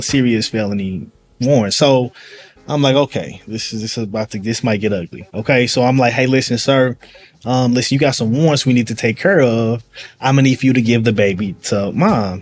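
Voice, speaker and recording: Slangy St. man telling stories. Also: mid-range voice. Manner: animated storyteller, acts out voices, slangy. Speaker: police sergeant guest. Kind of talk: casual storytelling conversation. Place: live event venue.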